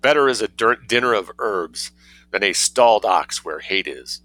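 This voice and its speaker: Guy reading as a dry unbothered painter, flat ironic delivery, lowish crisp voice. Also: moderate pace, no echo. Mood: deadpan. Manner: cool, deadpan, dryly ironic. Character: unruffled dry-witted male artist. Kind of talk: storybook reading.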